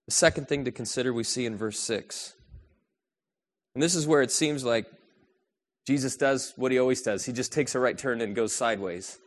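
Male pastor, sermon delivery, rhetorical questions, soft to raised. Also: medium pitch, normal speed.

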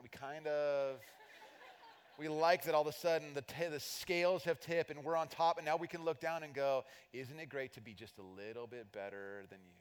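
A middle-aged pastor preaches a sermon in an animated, self-deprecating way, acting out little voices to drive his points home. His voice is medium-pitched, and a long hall reverb fills the recording.

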